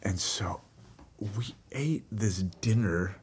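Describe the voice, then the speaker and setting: A man telling a personal story in casual talk, animated, laughing at times and swearing freely. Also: fairly low pitch, takes it slowly. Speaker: guest telling a life story.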